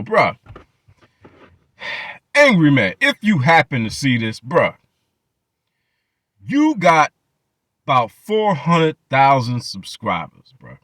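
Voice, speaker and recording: A man delivering mocking, profane reaction commentary with a bright, sharp voice that swings widely in pitch. He repeats his jabs again and again, and the recording is dry and close, with no room sound. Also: no room sound. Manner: mocking, profane rants with many repetitions. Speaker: channel host.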